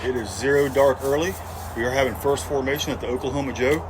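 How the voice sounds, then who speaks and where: A man's voice: medium pitch, fast talker, slight background noise. A man, hosting a casual barbecue cooking video in a folksy, joking way outdoors. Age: 50s. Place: outdoors at a grill.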